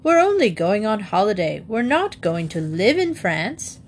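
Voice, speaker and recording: A woman's voice: medium pitch, very animated, a little slow, a little hiss or hum. A woman doing an exasperated family father. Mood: incredulous. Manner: incredulous, echoing.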